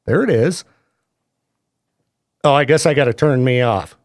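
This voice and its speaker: This radio host speaks in an animated, mid-range male voice. He keeps things jokey and chatty from his studio microphone, dropping in quick bursts of laughter.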